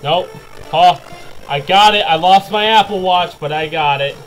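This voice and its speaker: A man giving jokey let's play commentary, excitable and yelping and laughing as things go wrong. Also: high-pitched, a little slow, faint music behind, poor audio. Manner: excitable, yelps and laughs at mishaps. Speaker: gaming video creator.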